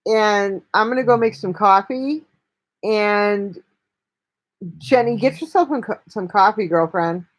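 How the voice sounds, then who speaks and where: A woman's voice: medium pitch, a little slow. A woman hosting a casual live stream, talking bluntly and chattily with lots of swearing. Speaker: livestream host.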